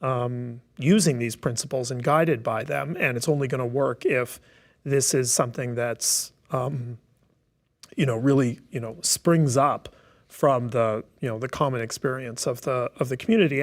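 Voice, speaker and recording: A man talking on a webinar as a task force member, thoughtful and explanatory, with many fillers and restarts. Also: medium pitch. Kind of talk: webinar discussion. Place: online webinar.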